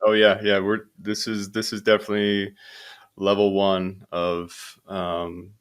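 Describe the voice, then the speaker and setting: Very deep-voiced man telling a story. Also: monotone, unhurried, clean tone. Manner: meandering, with many fillers and restarts. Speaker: podcast guest, hemp company founder. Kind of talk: relaxed interview talk.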